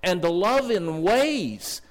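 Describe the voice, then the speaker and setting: A middle-aged man preaching a sermon in a church, earnest and storytelling, slowing down to read scripture. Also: high voice, lively intonation. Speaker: district superintendent preaching. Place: church sanctuary. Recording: long church reverb.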